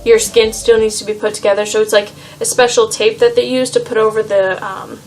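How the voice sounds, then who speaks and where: Young woman vlogger, casual storyteller, fillers everywhere, highish voice, faint music behind. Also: little pitch movement, a little fast. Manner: rambling, lots of "like" and "um".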